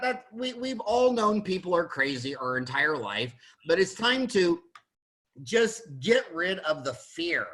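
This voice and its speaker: American man, middle-aged, high bright voice, blunt, rambling, restarts a lot. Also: low-quality recording. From United States. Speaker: dentist. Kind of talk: panel discussion monologue.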